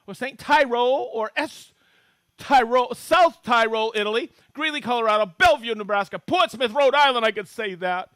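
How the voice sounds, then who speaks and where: Bright-voiced chatty man hosting a live demo. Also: extremely high pitch, no echo. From Maine, USA. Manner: chatty, jokey, reads out viewer locations with bursts of excitement. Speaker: livestream host demonstrating tools. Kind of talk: live-streamed tool demo and viewer shout-outs.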